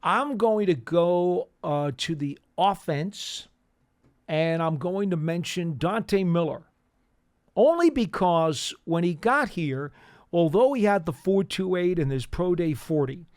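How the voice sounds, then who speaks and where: A man co-hosts a casual sports talk show, talking things through conversationally. His voice sits a bit high and the studio sound is dry and close. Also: lively intonation, no echo. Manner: conversational, agreeable, lots of quick affirmations. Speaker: co-host.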